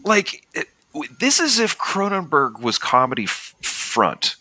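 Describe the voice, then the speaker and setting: A man co-hosting a podcast, chatting casually and excitedly about a movie, swearing and acting out scenes. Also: fairly high pitch, no echo. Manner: excitable, swears, acts out scenes in quick voices. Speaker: podcast co-host. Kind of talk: casual movie review chat.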